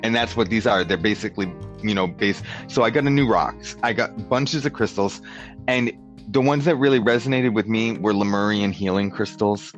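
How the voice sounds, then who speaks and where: Rambling man with a low voice. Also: moderate pace, soft background music. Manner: rambling storyteller, many "like"s, acts out dialogue. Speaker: podcast guest. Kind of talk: casual chat.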